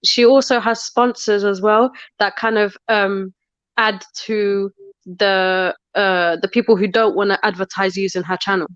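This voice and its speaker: Measured woman explaining, dull dry audio. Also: medium pitch, steady tone, clear, resonant tone, dry recording. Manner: measured, explaining, hesitant fillers. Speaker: panel guest. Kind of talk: casual live-stream panel chat.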